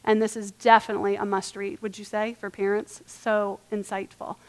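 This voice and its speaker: A woman's voice: mid-range voice, flat delivery, normal speed. A young woman presenting a church parenting workshop, earnest and emphatic, often checking in with the audience.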